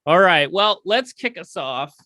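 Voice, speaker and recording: A man's voice: high voice, expressive, unhurried, sharp tone, dry recording. A man hosting a podcast in casual chat, easygoing and steering the talk back on task. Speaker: podcast host.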